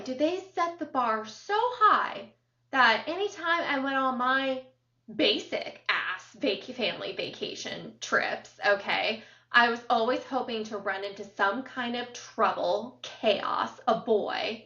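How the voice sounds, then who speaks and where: A woman co-hosting a podcast, chatting casually as an animated storyteller who fills her talk with ums and uhs. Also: a little high, takes it slowly. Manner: animated storyteller, lots of fillers. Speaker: podcast co-host. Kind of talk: casual chat. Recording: roomy, distant, dull sound.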